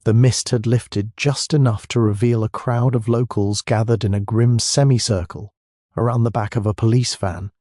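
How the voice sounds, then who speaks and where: A man narrating a mystery audiobook in a steady, measured way. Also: mid-range voice, dry recording, clean studio sound. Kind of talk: scripted narration.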